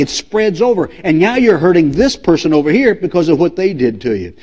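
A man's voice: high-pitched, a little mellow. A man preaching a sermon as pastor, emphatic and repetitive, asking the congregation direct questions. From United States.

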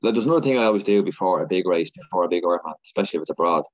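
Fast-talking deep-voiced man, husky. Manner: rambling, excitable, lots of filler and repeats. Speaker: podcast guest, Ironman athlete. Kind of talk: casual storytelling chat. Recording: dull lo-fi podcast audio.

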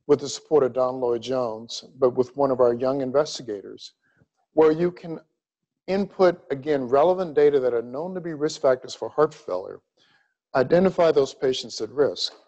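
A middle-aged man from Louisiana giving a grand rounds medical lecture, emphatic and deliberate in his pacing. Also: medium pitch, darkish tone, lo-fi sound. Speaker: cardiology lecturer.

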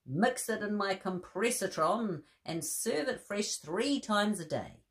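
A woman voicing an excitable, eccentric male mad-professor scientist who makes grand, eager pronouncements. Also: mid-range voice, takes it slowly, pitched above the performer's own voice. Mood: instructive.

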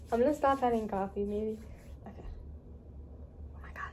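A woman's voice: a little high, moderate pace, pauses often. A young woman vlogging in a casual, giggly, rambling way, full of fillers, filmed on a handheld camera at home and out on a night walk. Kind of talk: casual vlog chat.

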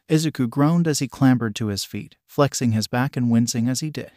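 Man, fan fiction narration, steady even reading, dry close sound. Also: medium pitch, a little fast, dry recording. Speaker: story reader.

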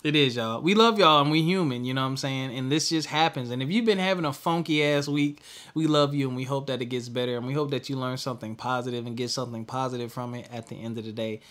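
A young adult man co-hosting a podcast, venting candidly in casual chat and trailing off into quiet mutters. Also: medium pitch, fast. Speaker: podcast co-host.

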